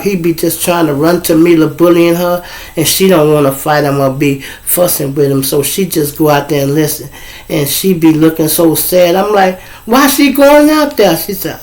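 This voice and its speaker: A middle-aged Chicago man hosts a casual monologue full of family stories, speaking at a normal pace in a slightly high voice for a man. He's profane and lively, mimicking the people he quotes, and the recording quality is low.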